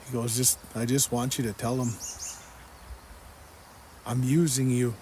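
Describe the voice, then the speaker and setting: Earnest man with a mellow voice. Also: medium pitch, flat delivery, unhurried, slight background noise. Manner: earnest, repetitive, quotes the speaker in the dream again and again. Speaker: person giving a religious testimony. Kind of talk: personal testimony retelling a dream.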